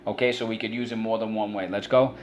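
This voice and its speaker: A man's voice: on the low side, steady tone, quick pace, a little hiss or hum. A middle-aged male teacher giving a spelling and vocabulary lesson to children, patiently explaining each word with many examples.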